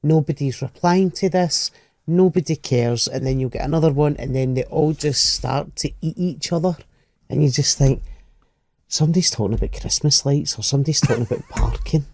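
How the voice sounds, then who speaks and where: A man's voice: mid-range voice, fairly quick, darkish tone, breathy edge, no echo. A Glaswegian man chatting on a comedy podcast, sweary and ranting as he mocks other people's voices. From Scotland. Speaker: comedian co-host. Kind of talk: casual comedy podcast chat.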